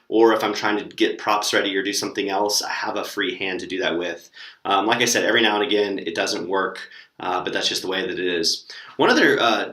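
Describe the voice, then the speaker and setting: Bright-voiced young man giving teaching tips. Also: fairly low pitch, roomy sound. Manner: relaxed, lots of fillers, demonstrates words with gestures. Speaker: online English teacher. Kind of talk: casual teaching tips video.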